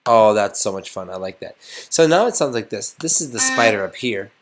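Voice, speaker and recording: A man's voice: fairly low pitch, expressive, brisk, slight background noise. A man teaching a casual music lesson, thinking aloud and getting enthusiastic as he composes.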